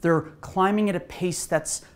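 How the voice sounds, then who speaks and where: A woman pastor preaching a sermon in an animated way, asking the listeners rhetorical questions. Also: on the low side, a little slow.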